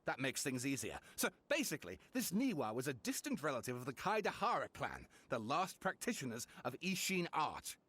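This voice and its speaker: A theatrical, excitable writer. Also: male voice, mid-range voice, fairly quick, hardly any pauses, slightly rough. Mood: explaining. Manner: theatrical, excitable, dramatic build-ups. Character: eager male scholar-writer, theatrical and chatty.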